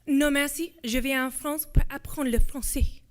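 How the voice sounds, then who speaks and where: A woman's voice: sits high, slow pace, vocal fry, pitched above the performer's own voice, exaggerated voice. A woman voicing a shy American teenage girl speaking careful, hesitant schoolbook French. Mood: shy, earnest.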